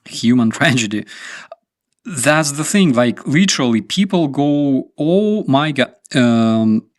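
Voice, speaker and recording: A man's voice: mid-range voice, dry recording, studio quality. A man from Ukraine, hosting a casual live stream in a rambling, darkly sarcastic way. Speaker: streamer host.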